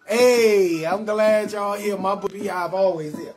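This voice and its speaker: A man riffs loudly and playfully, greeting viewers in a rambling, sing-song patter. He hosts a casual live stream from his bed at home, with faint music playing behind him. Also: high-pitched, a little slow, few pauses. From New Orleans. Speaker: comedian hosting a live call-in show.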